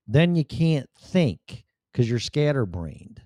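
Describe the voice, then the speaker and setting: A man's voice: on the low side, animated, a little slow, mellow, no echo, studio quality. A middle-aged man talking candidly to the camera in a blunt, rambling, profane way. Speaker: vlogger. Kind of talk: candid personal monologue.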